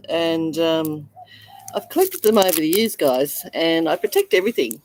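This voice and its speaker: A woman's voice: deep voice, unhurried, a little mellow, slight background noise, poor audio. An Australian woman chatting casually on her first livestream, showing and selling coins, gushing and full of fillers. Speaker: coin seller on a livestream. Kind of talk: casual live selling chat.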